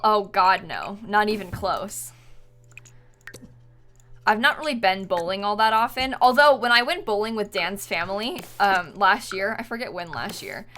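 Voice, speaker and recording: A woman's voice: medium pitch, sharp tone, slight background noise. A woman game streamer chatting casually with her viewers while she plays, chatty, giggly and self-deprecating. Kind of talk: casual livestream chat while playing.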